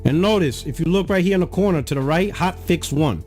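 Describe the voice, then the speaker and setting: A man's voice: fairly high pitch, animated, fairly quick, darkish tone, soft background music. A man giving casual gaming commentary in a clip, pointing things out on screen.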